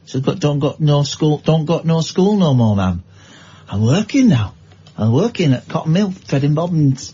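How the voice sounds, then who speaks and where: A small mill child from the North of England whines and begs his mam, voice pitched high and a little husky, as a male radio host puts him on. The sound is slightly dull, like a broadcast studio feed. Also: mellow. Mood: plodding. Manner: whiny, repetitive begging. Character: poor nine-year-old Northern mill child, pleading.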